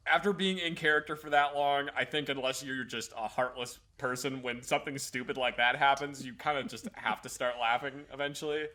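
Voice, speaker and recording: A young man telling casual stories, laughing often and mimicking shouted orders. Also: mid-range voice, steady tone, fairly quick, few pauses. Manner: laughs often, mimics drill sergeants in bursts. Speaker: podcast co-host. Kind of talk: casual storytelling chat.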